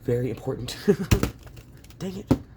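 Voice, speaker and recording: A man's voice: medium pitch, lively intonation, takes it slowly, heavy background noise. A man hosting a casual crafting tutorial at home, chatting to viewers and laughing often as he works. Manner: chatty, laughs often, talks to himself while working. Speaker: craft channel host.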